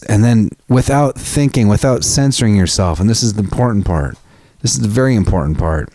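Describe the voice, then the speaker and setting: A man's voice: fairly low pitch, lively intonation, brisk, mellow, dry recording. A man hosting a solo podcast, talking casually and frankly, swearing freely and restarting his sentences often. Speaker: podcast host.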